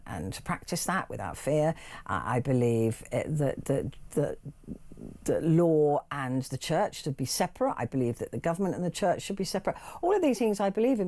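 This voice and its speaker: A woman's voice: low voice, warm tone. Rambling woman radio host. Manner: rambling, thinks aloud with many restarts. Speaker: radio talk show host. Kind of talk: late-night phone-in chat. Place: radio studio.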